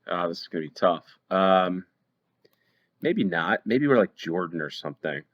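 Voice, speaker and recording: A man's voice: deep voice, expressive, normal speed, muffled recording. An American man hosting a play-along geography game, thinking aloud with hesitant ums as he weighs each guess. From United States. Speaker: game show host. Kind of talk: play-along gameplay commentary.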